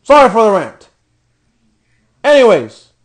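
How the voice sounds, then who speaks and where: A man's voice: high-pitched, big pitch swings, a little slow. A man hosting a podcast, delivering a profane, exasperated rant reviewing a wrestling show. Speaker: podcast host.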